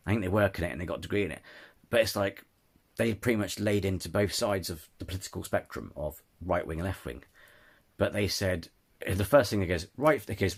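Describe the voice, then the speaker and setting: Ranting casually to camera, this channel host keeps tripping over his words, starting sentences over and apologizing again and again. His voice is deep and slightly rough.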